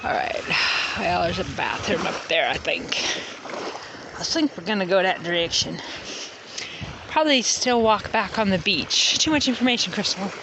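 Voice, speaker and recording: A woman's voice: medium pitch, lively intonation, moderate pace, noisy background. A woman rambling and joking to herself while walking a beach for her vlog. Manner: joking, bickers with herself in different voices. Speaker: reverend vlogger. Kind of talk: rambling self-talk vlog. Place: outdoors on a beach.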